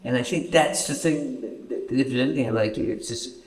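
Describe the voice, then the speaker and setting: A man from Canada answering audience questions at a festival screening, halting and repeating words often as he tells stories. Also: mid-range voice, crowd noise. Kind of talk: festival Q&A storytelling. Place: festival stage Q&A.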